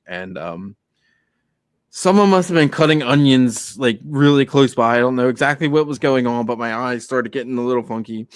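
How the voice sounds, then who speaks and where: A man's voice: medium pitch, dry recording, studio quality. Earnest man telling stories on a podcast. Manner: earnest storytelling, acts out quotes. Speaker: podcast co-host. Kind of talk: casual podcast chat.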